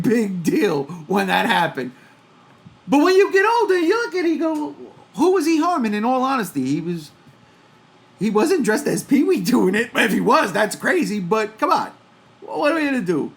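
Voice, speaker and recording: High-voiced man hosting a casual podcast. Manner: loose, profane, animated storytelling with laughs. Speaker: podcast host. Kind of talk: casual pop-culture podcast talk.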